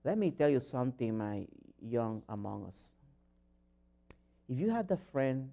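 Man, preacher, earnest sermon, restarts, builds to loud fervor. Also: medium pitch, big pitch swings, measured pace, creaky. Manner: earnest, rising to loud fervent exhortation; non-native phrasing and frequent restarts.

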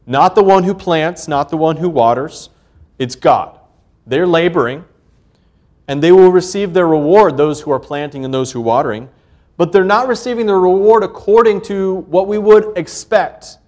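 A man's voice: sits high, moderate pace, darkish tone. A man preaching a sermon earnestly, building emphasis on key points and reading scripture aloud in old-fashioned wording. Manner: reads scripture aloud in King James wording.

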